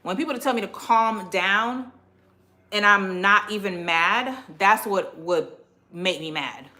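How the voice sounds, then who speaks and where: A woman's voice: medium pitch, takes it slowly. A woman from Miami with a Caribbean-American accent, chatting bluntly and profanely on a livestream while she cleans. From Miami, Florida. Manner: blunt, profane, animated storytelling. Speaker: livestream host.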